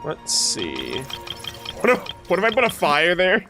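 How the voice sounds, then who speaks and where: Slow-talking excitable male streamer. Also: high voice. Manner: excitable, jokey, talks to chat. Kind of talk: casual gameplay reaction commentary. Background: faint game music.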